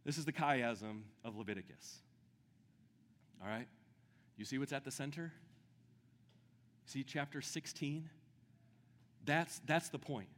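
A man preaching a sermon with great enthusiasm, dropping to a hush and then building to shouts. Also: medium pitch, takes it slowly, pauses often, long reverb tail. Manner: enthusiastic, swings from hushed to shouting. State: out of breath. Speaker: pastor.

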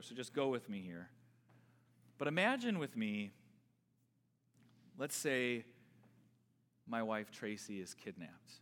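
A male pastor preaching a sermon, swinging between loud emphatic bursts and quiet asides, often repeating words as he builds a point. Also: on the low side, a little hiss or hum. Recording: long reverb from a large hall.

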